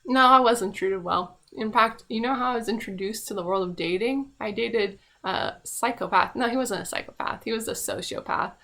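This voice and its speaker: Young canadian woman ranting casually, blunt, swears a lot, laughs, gets loud then goes quiet. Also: a little high, moderate pace, few pauses. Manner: blunt, swears freely, laughs often, swings between loud outbursts and quiet musing. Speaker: vlogger. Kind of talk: casual rant monologue.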